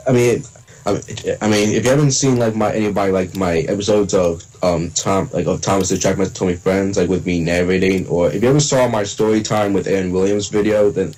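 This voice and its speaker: A man on a livestream chatting casually, halting and repeating himself. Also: low-pitched, darkish tone, slight background noise, rough recording. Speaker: guest voice actor.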